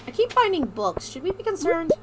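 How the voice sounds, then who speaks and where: A woman hosting a casual co-op gaming session, goofy and excitable, joking around with friends over a voice chat mic. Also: very high voice, fairly quick. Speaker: let's play host. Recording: noisy background hiss.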